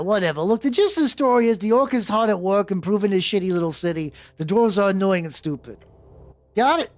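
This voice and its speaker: A streamer playing a video game, reacting aloud with swearing and reading the game's text out loud. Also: mid-range voice. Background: faint background music.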